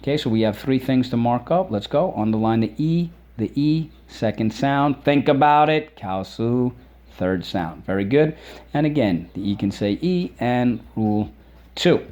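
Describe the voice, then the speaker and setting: A man's voice: medium pitch, animated, unhurried, a little mellow, muffled recording. A middle-aged man teaching a spelling lesson to children, repeating words and sounding out their syllables.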